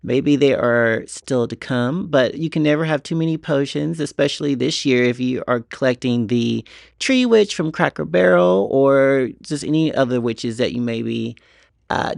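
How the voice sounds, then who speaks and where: A man's voice: mid-range voice, creaky, no room sound, clean studio sound. A man chatting casually through a shopping vlog inside a store, rambling eagerly about his finds. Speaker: Halloween shopping vlogger. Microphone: portable mic while walking.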